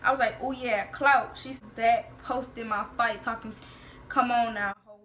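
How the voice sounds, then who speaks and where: A young woman vlogger sassily retells social media drama in a storytime vlog, animated and full of slang and quoted exchanges. Her voice is a little high and unhurried, with slight background noise.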